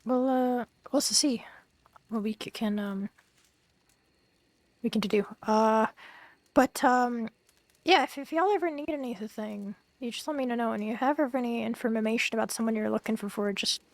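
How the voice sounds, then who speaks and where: A woman, roleplaying in character in halting, stammering speech. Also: a little high, no room sound. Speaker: streamer playing a street rat.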